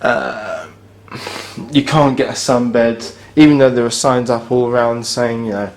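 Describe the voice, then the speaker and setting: At a measured pace and medium pitch, a man films a hotel room on a handheld camera and reviews it aloud. He's blunt, a little sarcastic, and casually moans about the broken fittings.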